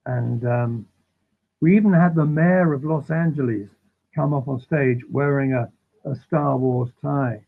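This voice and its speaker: A man guesting on an interview, telling animated, rambling anecdotes that keep interrupting themselves. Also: mid-range voice, a little slow, creaky. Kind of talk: casual storytelling. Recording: tinny phone-like line.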